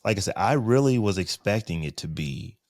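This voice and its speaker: Man host, lowish voice, conversational, dry. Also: expressive, a little fast, darkish tone, dry recording. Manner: conversational, leads into segments. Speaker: podcast host. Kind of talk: casual tech podcast chat.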